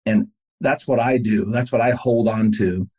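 A man's voice: fairly low pitch, normal speed, mellow, breathy edge. A man, a pastor and podcast guest, telling a story in casual conversation and speaking earnestly and directly to the listener.

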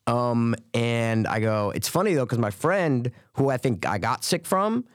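Male co-host, casual chat, medium pitch, dry close sound, animated and swearing. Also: measured pace, dry recording. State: recovering from covid. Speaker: podcast co-host.

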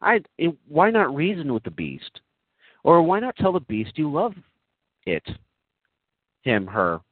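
A man doing comedic, earnest role-play for an online group chat. He talks in a gentle, overly earnest way, full of giggles and ums. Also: fairly high pitch, huge pitch swings, unhurried, no room sound. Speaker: comic prankster addressing an online group chat. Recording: tinny phone-like sound, dry.

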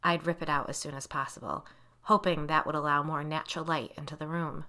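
A woman reading a first-person novel aloud as an audiobook narrator, in measured storytelling. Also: deep voice, fairly even intonation, sharp tone.

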